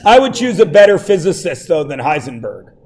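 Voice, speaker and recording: A male math teacher lectures his class in a high, light voice. He jokes and teases the students between explanations, and his talk is loose and conversational. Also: sing-song, a little fast, a little mellow.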